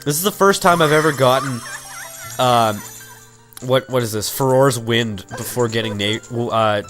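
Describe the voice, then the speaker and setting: A young man rambles through gameplay commentary in a casual, crude way, full of fillers and sudden swears. His voice is mid-pitched, and game music plays steadily under his talk. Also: measured pace, a bit bright. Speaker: let's play commentator.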